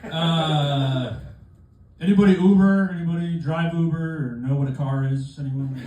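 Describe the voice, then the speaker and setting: A man's voice: fairly high pitch, normal speed, dark tone. A young man doing a stand-up comedy set in a club, self-deprecating with conversational asides. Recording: echoey club room from far off, crowd laughter.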